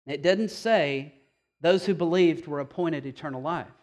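A high-voiced man preaching a sermon, talking to the congregation in a casual way with rhetorical questions. He moves between loud, emphatic stretches and slow, hushed ones. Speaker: pastor.

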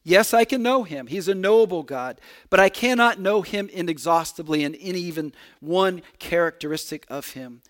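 A man's voice: high voice, lively intonation, normal speed, hardly any pauses. A middle-aged male pastor preaching a sermon to his congregation, earnest and personal, often repeating a word as he restarts a phrase.

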